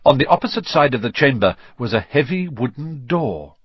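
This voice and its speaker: A man reads a storybook aloud with a lively, swinging pitch and a husky grain. The recording is dry and close, with a dull, slightly lo-fi sound. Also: normal speed, no echo. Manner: expressive, varied reading. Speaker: audiobook reader. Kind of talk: storybook narration.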